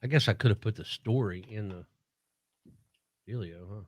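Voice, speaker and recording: A man's voice: fairly low pitch, moderate pace, no echo. Joking radio co-host, man. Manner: jokey, self-deprecating, tells news stories. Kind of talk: casual morning radio banter. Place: radio studio. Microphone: studio mic.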